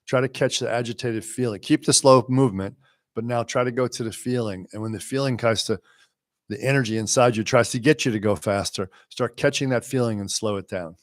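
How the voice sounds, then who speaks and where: A man teaching a live question-and-answer class, talking in a relaxed, wry way and sometimes slowing to a quiet, measured voice. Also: medium pitch, no room sound, studio quality. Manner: unhurried, wry, sometimes drops to a quiet slow voice.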